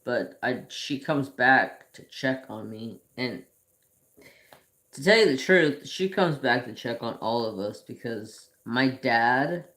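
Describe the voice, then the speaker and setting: A man's voice: mid-range voice, lively intonation, fairly bright tone. A man hosting a craft channel, telling rambling personal stories in casual chat while he paints at home. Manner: slow, rambling storytelling with restarts.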